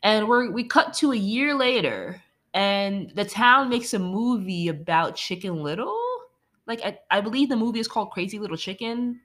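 A woman talking straight to her audience in a loose, unscripted rant. Her voice sits at an ordinary middle pitch, and she swears freely as her exasperation builds. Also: animated, normal speed, fairly bright tone. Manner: profane, exasperated ranting. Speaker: movie reviewer. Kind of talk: casual movie rant.

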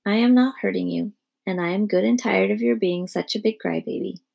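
A woman voicing a patient but weary mother of four, brisk and soothing. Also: medium pitch, vocal fry, warm tone.

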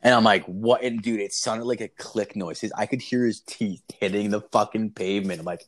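Young guy, lowish voice, cussing nonstop while he tells a wild story, doing little voices for people. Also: a little fast. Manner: swears constantly, animated retelling with quoted voices. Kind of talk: casual storytelling.

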